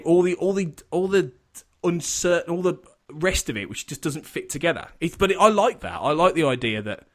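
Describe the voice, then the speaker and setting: A man's voice: fairly high pitch, lively intonation, a little fast. Rambling male podcast host, laughing a lot. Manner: rambling, self-interrupting, laughs often. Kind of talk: casual podcast chat.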